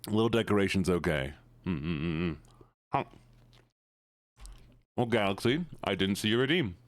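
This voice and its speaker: A man's voice: deep voice, expressive, measured pace, dry recording. A man streaming live and chatting casually with his chat, playful, with mumbled hums between lines.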